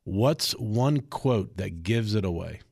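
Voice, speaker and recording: Low voiced podcast guy, dry teasing, no room sound. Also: lively intonation, slow, gravelly, darkish tone, no room sound. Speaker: podcast co-host. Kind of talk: casual podcast chat.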